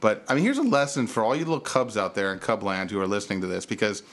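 A man hosting a podcast, telling a story in casual chat and acting out the people in it with big jumps in his voice. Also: quick pace. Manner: animated, acts out quotes with big pitch jumps. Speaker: podcast host.

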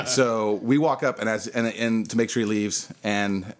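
A man's voice: fairly low pitch, a little slow. A man, a bartender and podcast co-host, telling a story in a candid, profane, casual way. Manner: candid, profane, laughing now and then.

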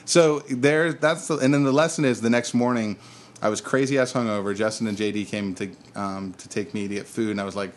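A man's voice: lowish voice, fairly even intonation, fairly quick, a little hiss or hum. A man in his thirties co-hosting a casual podcast chat, telling rambling stories and laughing at them. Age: 30s. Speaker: podcast co-host.

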